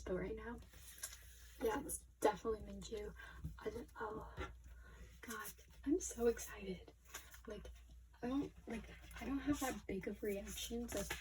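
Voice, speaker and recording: A young woman unboxing albums at her desk in casual commentary. She gushes excitably, her voice shaky, often dropping to a near whisper. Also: medium pitch, slight background noise, low-quality recording. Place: small room at her desk.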